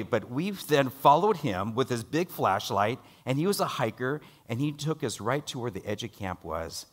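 A middle-aged man preaching a sermon and telling a personal story, rising loud for dialogue and dropping low and quiet for worry. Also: big pitch swings, moderate pace, few pauses.

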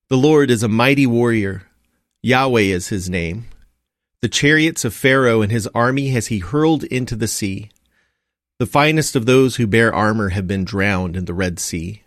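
A man with a lowish voice reads evening prayer aloud, reciting psalms and scripture in a steady, reverent rhythm. He pauses between phrases and lets each line land. The sound is close and dry, with no room around it. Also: no room sound. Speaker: liturgical reader. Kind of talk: measured liturgical scripture reading.

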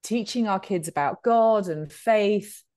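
A woman's voice: mid-range voice, takes it slowly, a little mellow, dry recording, studio quality. A British woman in her fifties, a guest on a podcast, talking in a chatty, good-humored way with plenty of ums. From Britain. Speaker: podcast guest, author and speaker. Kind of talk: conversational interview.

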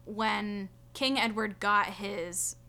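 A woman's voice: medium pitch, fairly even intonation, drawn-out words, bright, forceful tone. A young woman co-hosting a podcast, telling a story in casual chat and rambling with fillers and asides. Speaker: podcast co-host.

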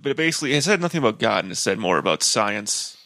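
Animated, gravelly-voiced man chatting. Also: lowish voice, fast talker, no echo. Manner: chatty and animated, swears casually. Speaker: podcast co-host. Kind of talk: casual chat.

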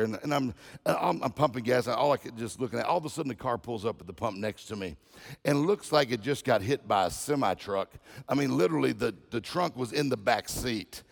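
A man preaches as a visiting speaker, telling jokes and personal anecdotes. His voice sits at a middle pitch with a gravelly edge. He often circles back and repeats key phrases. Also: lively intonation, fairly quick. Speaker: guest speaker. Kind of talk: humorous sermon storytelling.

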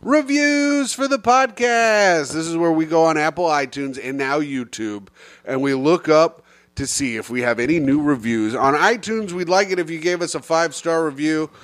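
Brief: young male podcast host, slightly high voice, loose, crude, laughing through comments. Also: moderate pace, dry recording. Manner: crude, joking, reads listener comments aloud. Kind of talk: casual podcast chat.

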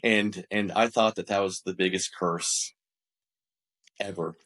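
A man's voice: low-pitched, unhurried. A man guesting on a podcast, telling his business story in a conversational way. He talks animatedly, often acts out what people said, and restarts and repeats words as he goes. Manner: animated, acts out quoted dialogue.

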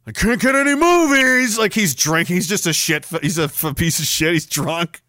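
A podcast host runs a casual livestream and reads chat in a high-sitting, lively voice at normal speed, bright and forceful. He rambles and swears, breaking into sudden bursts of mock outrage. The recording is dry and studio quality.

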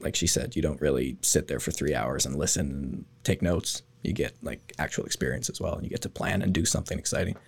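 A young man speaks with a very low-pitched voice as an interview guest. He talks in a relaxed, casual way with plenty of fillers. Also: fairly quick, vocal fry, hardly any pauses, slightly rough. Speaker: former student, guest. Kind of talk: podcast interview.

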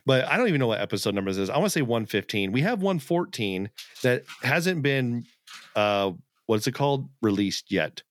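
A man's voice: mid-range voice, big pitch swings, a little fast. A man co-hosting a podcast, chatting casually over a video call and laughing often between restarts. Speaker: podcast co-host. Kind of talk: casual chat.

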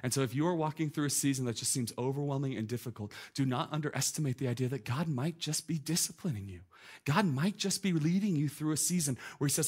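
A man in his thirties preaching a sermon, animated and conversational, with many "like" asides. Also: medium pitch, quick pace, breathy edge. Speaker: pastor.

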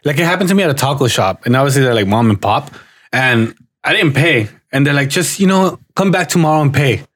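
A man's voice: mid-range voice, animated, brisk, fairly bright tone. A young man co-hosting a casual podcast, teasing his friend with profane banter. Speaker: podcast co-host. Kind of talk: casual chat.

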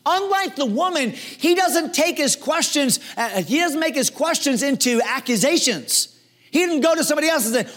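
Man, pastor, sermon, high voice, animated, hushed to loud. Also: moderate pace. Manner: animated preaching, acts out quoted voices, swings from hushed to loud.

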